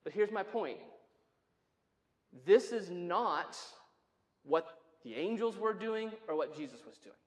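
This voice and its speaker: Speaking slowly with frequent pauses, a high-pitched and animated pastor keeps his sermon conversational. He poses questions to the congregation and drops wry asides, his words echoing through the sanctuary.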